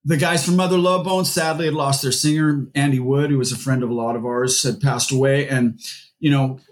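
A man's voice: mid-range voice, steady tone, fairly quick. A man, a musician guest, talking casually in an interview and rambling through his stories with lots of fillers and restarts. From Seattle area.

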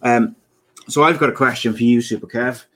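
A man's voice: medium pitch, fairly even intonation, normal speed, a little hiss or hum. A man in his thirties co-hosting a podcast in casual, joking chat, often laughing at his own jokes. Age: 30s. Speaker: podcast co-host.

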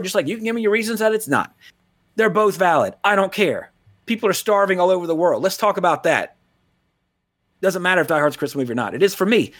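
A man hosting a podcast in casual chat, rambling and animated, swearing freely. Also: sits high, quick pace. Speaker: podcast host.

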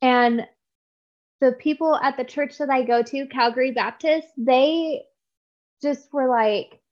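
A woman's voice: high voice, slow pace, lo-fi sound. A woman guest on an interview podcast, talking in an earnest, heartfelt way and often restarting her sentences. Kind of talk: conversational interview.

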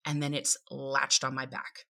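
A woman's voice: very deep voice, monotone, a little slow, vocal fry, pushed and bright. A woman with an Appalachian accent, a podcast guest telling a personal story vividly and acting out her own inner voice.

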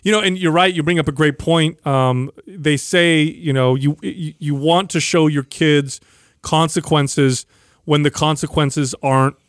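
A man's voice: a little high, fairly even intonation, measured pace, clean tone, dry recording, clean studio sound. A middle-aged man co-hosting a casual podcast, chiming in with playful jokes and asides. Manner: playful, joking interjections. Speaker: podcast co-host.

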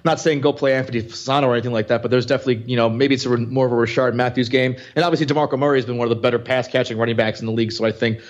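Fast-talking man on slightly muffled audio. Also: medium pitch, steady tone. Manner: rambling, many restarts. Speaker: fantasy football podcast co-host. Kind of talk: casual sports chat.

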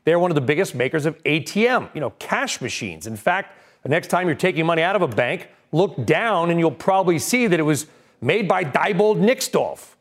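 Male news anchor with a fairly high voice and lively, swinging pitch, brisk and animated as he runs the segments. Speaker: news show host. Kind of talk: cable news presenting.

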